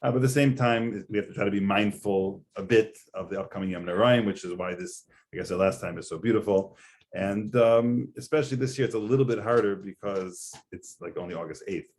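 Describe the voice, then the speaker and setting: A man's voice: on the low side, brisk, a little mellow, a little hiss or hum. A man, a rabbi, giving a conversational Torah lecture, explaining earnestly with frequent fillers. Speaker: rabbi teaching a class.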